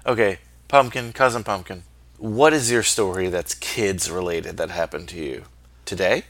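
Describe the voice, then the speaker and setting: A man hosting a podcast, with a low, gravelly voice full of fry. He speaks up close and dry, and his reactions are wry. He chats in a casual way and nudges the story along. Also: moderate pace, a bit bright, dry recording. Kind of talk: casual chat.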